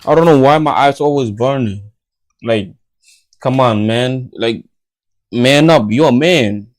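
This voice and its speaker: A man's voice: mid-range voice, slow pace. A tired, half-asleep young man hosting a late-night livestream at home, rambling in slangy casual chat. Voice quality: tired, drowsy, mumbling. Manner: slangy, rambling, self-talking. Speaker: livestream host. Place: home bedroom.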